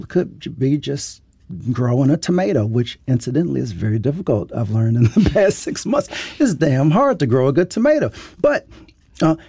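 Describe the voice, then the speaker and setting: A man, a writer and guest, speaking in an earnest storytelling way with preacherly lifts and a creaky, husky voice. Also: medium pitch, mellow, no room sound, studio quality. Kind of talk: reflective interview talk.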